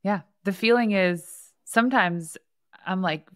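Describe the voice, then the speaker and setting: A woman's voice: medium pitch, measured pace, a bit bright, no room sound, clean studio sound. A woman podcast host telling stories in a chatty way and laughing often. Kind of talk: casual conversation.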